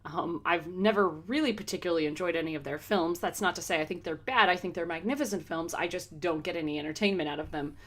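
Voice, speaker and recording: Low-voiced woman, hesitant and chatty. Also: fast, few pauses, fairly bright tone. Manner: hesitant, lots of "um" and "like". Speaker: podcast co-host. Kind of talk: casual panel chat.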